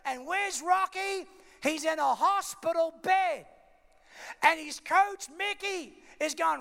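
A man's voice: extremely high pitch, slow pace, gravelly, fairly bright tone. A man preaching a sermon, dramatically retelling a story and acting out its scenes. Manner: dramatic, emphatic, acts out scenes. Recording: long hall reverb.

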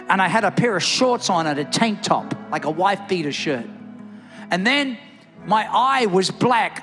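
A middle-aged man preaching in a church with a notably high voice, fervent and rising toward shouts. Soft music plays faintly underneath. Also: long reverb tail. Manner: impassioned, builds to near-shouts. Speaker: pastor. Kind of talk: sermon with altar call. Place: church service, also streamed online.

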